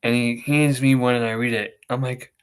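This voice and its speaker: A man's voice: mid-range voice, fairly even intonation, moderate pace, smooth. Rambling man acting out friends' lines. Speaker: podcast co-host. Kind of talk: casual chat.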